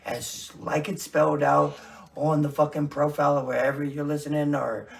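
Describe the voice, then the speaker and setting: A man's voice: a little high, little pitch movement, normal speed, gravelly, distant mic. A man co-hosting a podcast, chatting loosely with plenty of swearing. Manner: loose, profane banter. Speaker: podcast co-host. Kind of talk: casual podcast chat.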